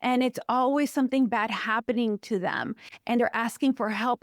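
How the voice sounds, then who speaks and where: A woman counselor talks as a podcast guest, emphatic and expressive as she tells personal stories. Her voice sits somewhat high, and the sound is dry and close with no room echo. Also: moderate pace, hardly any pauses. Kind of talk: personal conversational interview talk.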